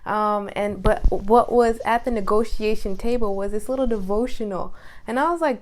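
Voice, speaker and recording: A young woman vlogging in casual storytelling, chatty and animated, with lots of fillers and quoted asides. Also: mid-range voice, normal speed, slight background noise.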